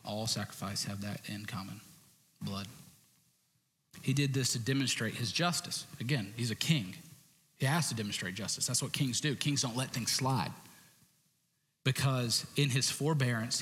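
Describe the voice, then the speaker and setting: Conversational preacher in a reverberant hall. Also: male voice, medium pitch, slight background noise. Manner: conversational preaching, jokey asides, bursts of shouting. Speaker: pastor. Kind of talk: sermon. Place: church stage.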